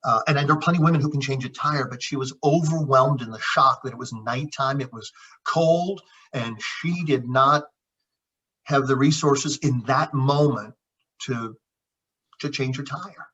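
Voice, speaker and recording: A man's voice: mid-range voice, unhurried, fairly bright tone, breathy edge. A middle-aged man, a chiropractor guest, telling a story in conversation and acting out the dialogue with frequent repeats. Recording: dull lo-fi audio.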